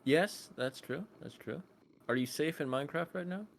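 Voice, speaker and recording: A man's voice: a little high, moderate pace, gravelly. Rambling man streamer. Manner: rambling, filler-heavy, bursts into loud shouts. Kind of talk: casual chat.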